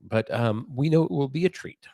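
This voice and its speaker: A man's voice: medium pitch, expressive, moderate pace, creaky, mellow, no echo, studio quality. A man co-hosting a spirits tasting podcast, talking in a playful, rambling way. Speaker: podcast co-host. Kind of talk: casual chat.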